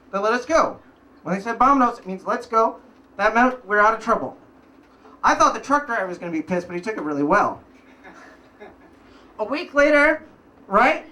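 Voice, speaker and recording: High, bright-voiced man telling a story. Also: distant mic. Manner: casual, wry storytelling with punchline pauses. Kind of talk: live story slam telling. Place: live event stage.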